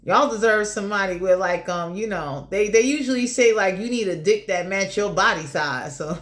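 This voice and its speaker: A woman's voice: medium pitch, normal speed, roomy sound. A woman giving a casual general tarot reading in a blunt, crude, joking way, swearing freely. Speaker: tarot reader.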